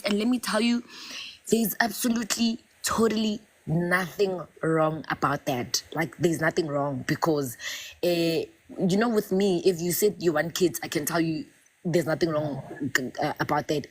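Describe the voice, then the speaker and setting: A woman, talking in a casual, expressive way on a live chat show and mixing local words into English. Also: lowish voice, slightly rough.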